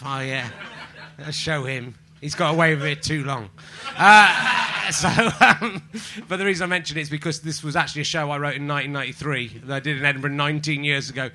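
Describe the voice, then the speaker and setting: A man's voice: on the high side, pushed and bright, slight background noise. A man hosting a live comedy podcast, rambling and self-mocking in front of an audience. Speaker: podcast host.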